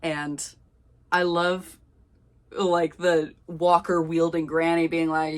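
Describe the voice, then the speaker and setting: A young woman with a low voice reads an old story aloud. She keeps stopping to add wry comments and laughs at her own writing. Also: level tone, slow pace. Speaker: youtuber.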